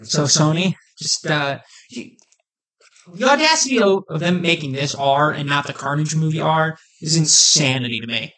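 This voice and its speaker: Man, casual podcast chat, excitable, animated, slightly high voice. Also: normal speed. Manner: excited, animated fan talk. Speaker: podcast co-host.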